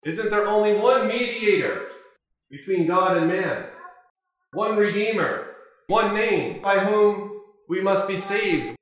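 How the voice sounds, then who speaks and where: A man preaching a sermon as an Orthodox priest, measured and full of rhetorical questions. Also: high voice, a bit bright. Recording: very echoey church.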